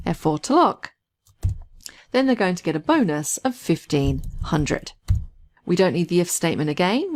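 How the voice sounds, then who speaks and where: A woman instructor talking through a spreadsheet tutorial step by step in a clear, methodical way. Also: on the low side, a little mellow. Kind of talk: screen-recorded software tutorial.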